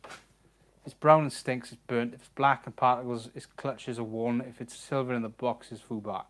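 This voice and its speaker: A man's voice: mid-range voice, fairly even intonation, normal speed, a bit bright, no echo. A man giving casual commentary while he works on a car in a garage, muttering to himself with a wry, sarcastic tone. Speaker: home mechanic vlogger.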